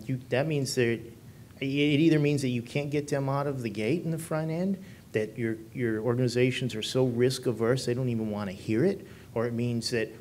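A man's voice: lowish voice, slight background noise. A man presenting at a business conference, speaking to the audience and asking them questions. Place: conference room.

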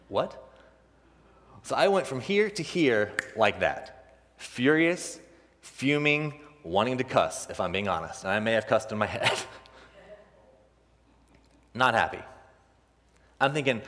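A young man preaching a sermon, telling a personal story in an animated way and acting out the other people's voices, laughing often. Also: mid-range voice, slow pace, pauses often. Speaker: pastor. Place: church sanctuary. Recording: long reverb of a church hall.

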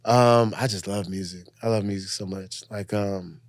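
A man's voice: on the low side, steady tone, moderate pace, no echo, clean studio sound. A man from Louisiana, a comedian and entrepreneur, chatting loosely as a guest in a kitchen, laughing often and trailing off into fillers. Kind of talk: casual chat.

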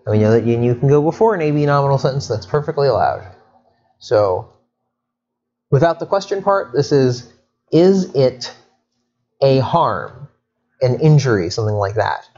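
A man's voice: mid-range voice, normal speed, long pauses. Chatty male Egyptology lecturer, slightly muffled. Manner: lively, chatty teaching with asides and self-corrections. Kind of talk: explanatory lecture.

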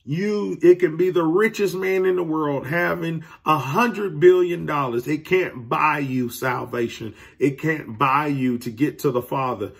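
A man's voice: fairly high pitch, measured pace, creaky, few pauses, slightly rough. A man teaching a Sunday school lesson to young people, earnest and preacherly, speaking to them directly. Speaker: youth minister. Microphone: recorded alone beside a window.

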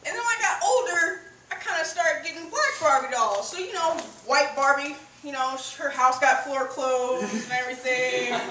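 A woman's voice: high-pitched, normal speed, sharp tone, slight background noise. A young woman performing a brash, profane stand-up comedy routine. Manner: brash, profane, punchy delivery. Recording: echoey room, far from the mic.

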